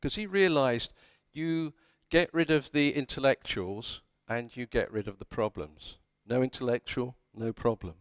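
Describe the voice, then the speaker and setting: A man's voice: mid-range voice, unhurried, hardly any pauses, no echo. Wry anecdotal male conference speaker. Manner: anecdotal, wry, acts out quoted dialogue. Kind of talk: storytelling conference talk. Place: conference hall.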